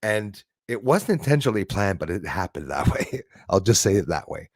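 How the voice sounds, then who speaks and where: A man hosting a live stream, telling a story in a casual, animated way full of fillers. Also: fairly low pitch, normal speed, no room sound, clean studio sound. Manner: animated, acts out quoted voices, frequent fillers.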